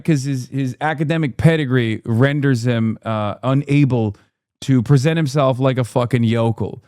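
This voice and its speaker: A man's voice: mid-range voice, a little mellow, no room sound, studio quality. A man giving blunt, profane, exasperated commentary on a live-stream reaction show. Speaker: political commentator.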